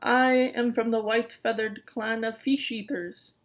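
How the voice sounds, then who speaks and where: A woman's voice: fairly high pitch, flat delivery, a little slow. A woman reading aloud and voicing a grand, hammy male raven who boasts theatrically about himself. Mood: boastful. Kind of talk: reading a children's novel aloud.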